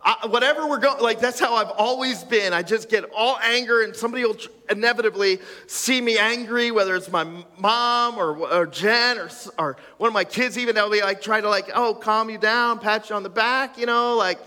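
A man's voice: sits high, brisk, few pauses, pushed and bright, in a large hall. A man preaching a sermon as a pastor, talking conversationally with self-deprecating asides and stammered restarts.

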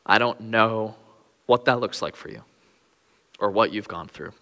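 A man's voice: on the low side, unhurried, bright, forceful tone, long reverb tail. A young man preaching a sermon in an earnest way, his voice rising when he pleads.

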